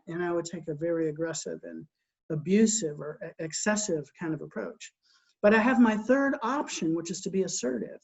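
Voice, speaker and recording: A man's voice: high voice, fairly quick, gravelly, a little mellow. Earnest middle-aged man teaching, dull lo-fi sound. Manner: earnest, repeats words when starting sentences, asks rhetorical questions. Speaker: Christian leadership coach. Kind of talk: conversational teaching talk. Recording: dull lo-fi recording.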